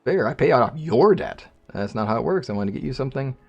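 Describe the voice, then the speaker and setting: A man's voice: mid-range voice, lively intonation, fast talker, gravelly, lo-fi sound. A man casually commenting on his game, rambling and joking with viewers. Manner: rambling, jokey, talks to viewers. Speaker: let's play host.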